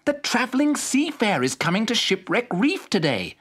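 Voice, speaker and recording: A man voicing an excited young starfish girl in a children's storybook, with a high, eager delivery. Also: moderate pace, husky, heavily acted.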